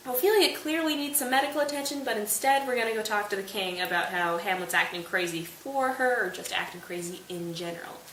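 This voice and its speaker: A woman's voice: medium pitch, fairly quick, few pauses, a bit bright. A young woman casually summarizing a play for students in a chatty, playful, informal way. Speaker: host of a literature study channel. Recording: echoey room, distant mic, faint hiss.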